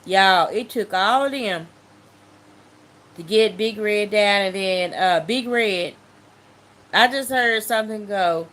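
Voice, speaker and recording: Woman giving a spoken testimony, lively and vivid, playing out the voices in her story. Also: mid-range voice, slow, long pauses. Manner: animated storytelling, acts out voices and sounds. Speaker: testimony speaker.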